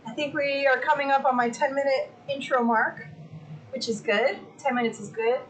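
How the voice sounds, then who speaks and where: A woman hosting a casual livestream from home, chatty and excitable, who swears freely. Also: high-pitched, moderate pace, slight background noise, low-quality recording. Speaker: livestream host.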